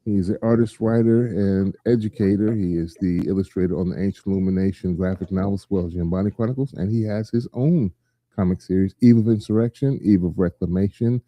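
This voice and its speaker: A man with a low, very mellow voice hosts a casual chat and gets animated as he talks things through. He slips into quick voices to act out scenes. The sound is dry and close, with no room around it. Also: no room sound. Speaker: podcast host.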